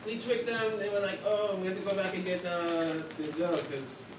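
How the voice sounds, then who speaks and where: A young man with a high voice recaps a tabletop game session as a player, rambling and joking with lots of fillers. His intonation stays fairly even and his speed is normal. A distant mic picks him up in an echoey, noisy room.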